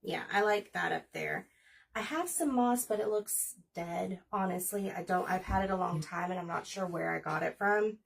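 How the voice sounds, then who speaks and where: Gravelly woman in her forties chatting while crafting. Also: lowish voice, normal speed, far from the mic. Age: 40s. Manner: chatty, rambling, talks while working. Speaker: craft livestream host. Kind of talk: casual crafting livestream chat.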